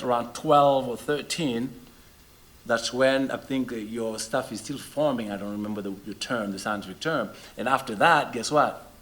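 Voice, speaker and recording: Senegalese man talking to a crowd. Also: medium pitch. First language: not English. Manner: animated, asks rhetorical questions. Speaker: musician. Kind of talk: chatting with a live audience between songs.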